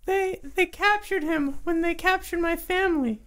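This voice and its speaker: A woman voicing a small, timid male kobold in a tabletop game, with a very high, squeaky voice and nervous stammering. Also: moderate pace, fairly bright tone. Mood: earnest.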